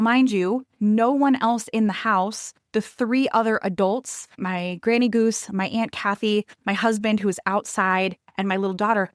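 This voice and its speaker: A woman's voice: medium pitch, no room sound, studio quality. A woman in her thirties hosting a podcast, telling a personal story in a confiding, emphatic way and speaking straight to her listeners. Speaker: podcast host.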